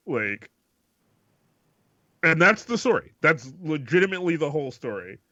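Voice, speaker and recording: Bright-voiced rambling male podcast co-host. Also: on the high side, sing-song, normal speed, dry recording. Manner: rambling, filler-heavy, swears freely. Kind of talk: casual podcast banter. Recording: dull lo-fi mic.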